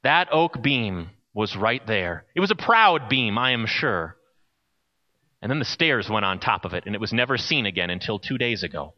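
A male pastor preaching an expressive sermon and telling stories, in a dull lo-fi recording. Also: mid-range voice. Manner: expressive storyteller, softening to a quiet close.

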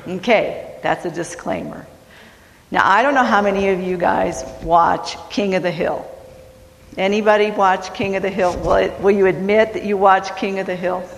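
A woman's voice: mid-range voice, fairly even intonation, moderate pace, vocal fry, big-room sound, poor audio. A woman pastor from West Virginia preaching a sermon, folksy and self-deprecating, telling a story. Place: church sanctuary.

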